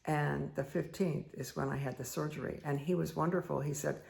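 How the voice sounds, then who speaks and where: Woman meditation host, heavy vocal fry, chatty storyteller who rambles with lots of fillers. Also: deep voice, steady tone, brisk, hardly any pauses, a little mellow. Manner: rambling, many fillers and asides. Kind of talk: casual personal storytelling.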